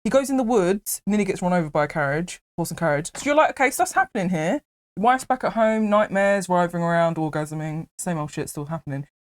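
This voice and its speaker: Animated woman retelling a film. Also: on the low side, fairly quick, hardly any pauses. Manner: animated, laughing, acts out quotes. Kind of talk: casual movie retelling.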